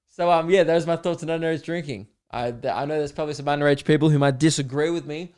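A man's voice: fairly high pitch, fast, clean tone. A young man hosting his own podcast solo, chatting candidly and rambling, swearing freely. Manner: candid, sweary and rambling, with mocking put-on voices. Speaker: podcast host. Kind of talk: solo casual podcast chat.

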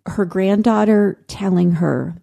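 A woman co-hosting a parenting podcast, telling a disturbing story in casual chat with deep emotion. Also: slow pace, creaky, warm tone. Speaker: podcast co-host.

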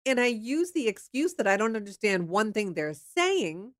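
A woman's voice: fairly high pitch, very animated, normal speed, no room sound, studio quality. A woman from the Pittsburgh area candidly telling a personal dating story in a frank, chatty way, with the odd swear. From Pittsburgh area, USA. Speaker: storyteller sharing her dating life.

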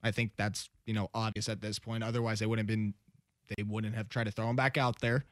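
A man's voice: on the low side, little pitch movement, fairly quick, a bit bright, dry recording, clean studio sound. A man hosting a sports radio show in casual chat. He argues his points with stats and laughs along with his co-host.

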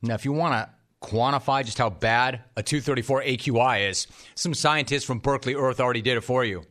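In a studio, a sports talk show host rattles off a sarcastic, high-energy monologue full of jokes on the side. His voice sits at medium pitch and his pace is brisk.

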